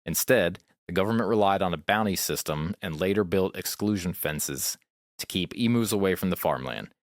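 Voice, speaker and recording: A man with a notably low voice reads a history passage aloud in an even, measured way. He sounds close and dry, with no room around him. He co-hosts a loose podcast and drifts into casual banter between paragraphs. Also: no echo. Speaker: podcast co-host.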